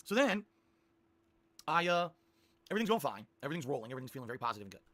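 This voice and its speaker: A man telling a long rambling story to his stream viewers, animated and repeating himself. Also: medium pitch, rapid-fire, a crowd in the background.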